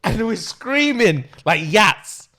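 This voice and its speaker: A man tells a story on a podcast, getting excited and laughing as he goes. His voice sits fairly high and leaps around with lively swings. He acts out the voices of his friends as he speaks. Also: slow pace. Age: 20s. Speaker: podcast host. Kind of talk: animated storytelling.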